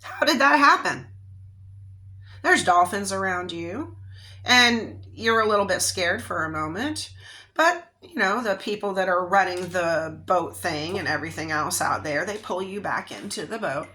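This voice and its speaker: A woman's voice: on the low side, expressive, measured pace, bright, forceful tone. A woman tarot reader giving a casual psychic reading, talking in a rambling, conversational way with frequent check-ins and fillers.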